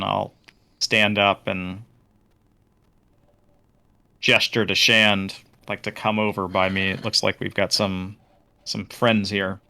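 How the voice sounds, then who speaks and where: A man taking part in a tabletop game, talking through his plans with hesitant restarts. His voice is low-pitched yet bright and crisply clear. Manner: hesitant, thinking aloud. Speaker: player.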